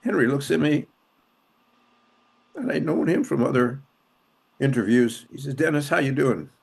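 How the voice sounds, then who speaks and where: Older man, from Los Angeles, interview guest, impassioned storytelling, emphatic repeated phrases, voice rising and falling with emotion, middle-pitched. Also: lively intonation, normal speed, vocal fry, husky. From Los Angeles, USA. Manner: emotional retelling, voice rising and dropping sharply. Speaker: interview guest, former police officer and city councilman. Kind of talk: conversational storytelling.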